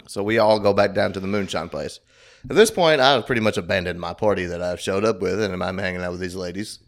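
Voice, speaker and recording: A man with a slightly low voice tells a rambling, profane anecdote in casual podcast chat. He drifts from one detail to the next and swears freely along the way. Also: a little fast. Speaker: podcast co-host.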